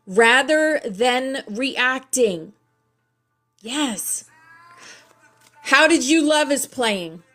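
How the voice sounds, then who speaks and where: A woman with a fairly high, hoarse and scratchy voice hosts a relaxed spiritual class. She talks very slowly and with a lot of feeling, pausing to read each affirmation aloud, and soft music plays faintly behind her. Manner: slow, lively, says affirmations aloud. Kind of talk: casual livestream class, reading affirmation cards.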